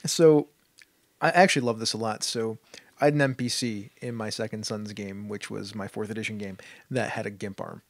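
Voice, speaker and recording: A man co-hosting a casual tabletop-gaming podcast, telling anecdotes in a quick, offhand and enthusiastic way. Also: on the low side, fairly even intonation, no echo. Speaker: podcast co-host.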